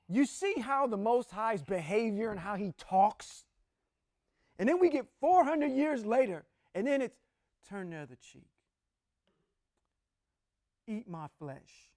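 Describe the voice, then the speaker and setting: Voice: medium pitch, a little mellow, no echo, studio quality. A podcast co-host who responds with affirmations and then gives an impassioned, preachy commentary on scripture. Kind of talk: religious podcast discussion. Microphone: podcast mic.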